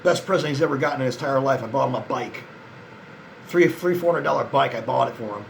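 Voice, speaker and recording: A weary man talks to camera with a gravelly edge in a middle-pitched voice. He rambles and swears, and he sounds frustrated and resigned. A faint air-conditioner hum sits underneath. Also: fast. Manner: rambling, jumps between thoughts, swears often. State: worn out. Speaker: vlogger addressing male viewers. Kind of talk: casual spoken monologue to camera.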